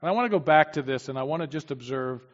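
A man preaching a sermon with emphasis, swinging from loud declarations to quiet asides. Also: on the high side, animated, fast. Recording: dull, long-reverb hall sound.

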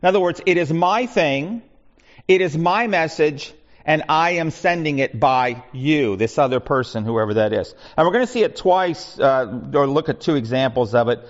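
A man's voice: a little high, animated, normal speed. A man leading a Bible study, talking conversationally with frequent restarts and asides. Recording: muffled lo-fi recording.

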